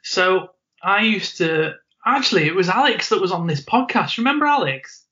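A man co-hosting a casual podcast tells a school story with a slightly high voice and an animated delivery, often laughing and acting out what others said. The recording sounds muffled and lo-fi. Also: moderate pace. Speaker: podcast co-host.

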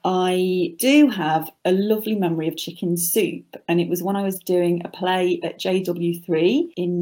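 A woman co-hosting a podcast, an actor telling stories with lively enthusiasm. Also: on the low side. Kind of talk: casual podcast chat.

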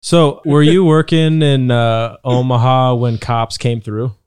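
A man's voice: mid-range voice, fairly even intonation, slow pace, a little mellow, clean tone. A man co-hosting a podcast, asking curious questions in a casual chat. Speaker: podcast co-host.

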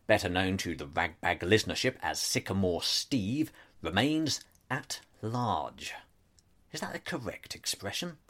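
A man's voice: fairly low pitch, fairly bright tone. A man delivering a scripted comic monologue as a pompous, self-important actor, with dry asides. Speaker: comedic narrator playing a pompous actor.

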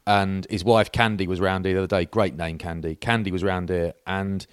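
A man in his forties chats on a podcast, rambling through self-mocking anecdotes. His voice sits a little low. The sound is dry and close to the mic. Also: flat delivery, fairly quick, clear, resonant tone, no room sound. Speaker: podcast co-host. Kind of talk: casual chat.

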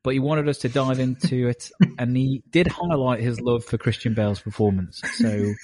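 A man's voice: medium pitch, fairly even intonation, moderate pace, a little mellow, dry recording. A man from Glasgow, hosting a movie podcast in a chatty, wry way. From Glasgow, Scotland. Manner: chatty, wry, with many fillers. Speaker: podcast host. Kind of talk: casual podcast chat.

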